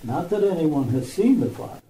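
Guy reading bible verses, kinda mellow voice, roomy echo and faint background hum. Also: on the high side, very animated, fairly quick. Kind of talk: scripture reading.

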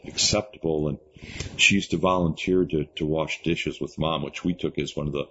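A man's voice: extremely low pitch, fairly even intonation, a little fast, a bit bright. An older man, an interview guest, sharing a personal faith testimony in an earnest storytelling way, often laughing and repeating words. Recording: slightly muffled recording with faint hiss.

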